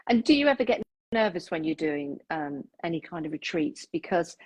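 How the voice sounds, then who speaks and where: A woman's voice: on the low side, animated, moderate pace, darkish tone, low-quality recording. A woman hosting a casual interview, asking questions in a chatty, encouraging way. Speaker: interviewer host.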